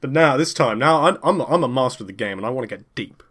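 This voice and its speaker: Casting note: Scottish talent agent and failed actor, self-important, rambling, as a man puts him on; mid-pitched voice. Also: expressive, quick pace, a bit bright. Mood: boastful. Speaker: player. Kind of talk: tabletop role-play.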